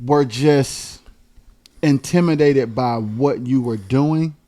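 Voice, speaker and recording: A man's voice: medium pitch, slow pace, warm tone. A man hosting a podcast interview, mostly giving short affirmations and hearty laughs. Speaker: podcast host. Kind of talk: casual interview.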